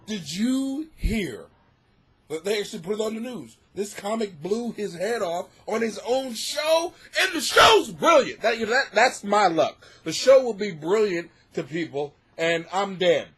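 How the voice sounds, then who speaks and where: Animated husky-voiced man ranting comically. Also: unhurried. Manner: animated, profane, laughs at his own jokes, acts out bits in a shrill voice. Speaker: comedian podcast host. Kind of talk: rambling comic monologue. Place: home basement.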